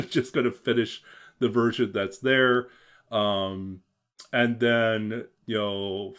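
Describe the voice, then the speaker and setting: Rambling, low-voiced young man. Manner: rambling, hesitant, many fillers and restarts. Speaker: streamer. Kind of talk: casual chat while gaming.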